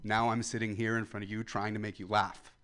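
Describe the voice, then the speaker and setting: A man in his twenties doing a stand-up comedy set, ranting loudly at the crowd and then dropping to a mutter. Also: fairly low pitch, little pitch movement, fairly quick, a little hiss or hum. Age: 20s. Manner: loud ranting crowd work, swings between yelling and muttering.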